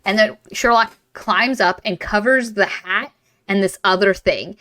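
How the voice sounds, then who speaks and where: A woman hosting a casual book club podcast, retelling a novel with profanity and quick put-on character voices. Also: mid-range voice, low-quality recording. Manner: animated, profane, acts out characters in silly voices.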